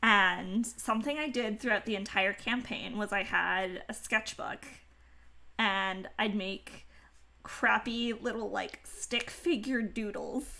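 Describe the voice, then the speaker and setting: A woman's voice: mid-range voice, slow pace, creaky, bright, forceful tone. A woman hosting a casual chat stream, talking in a playful Valley Girl lilt and giggling often. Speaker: streamer host.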